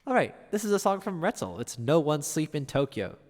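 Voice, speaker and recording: A man's voice: a little high, big pitch swings, fairly quick, a little mellow, big-room sound. A man streaming at the piano, chatting casually and reading viewers' messages aloud. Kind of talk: casual chat.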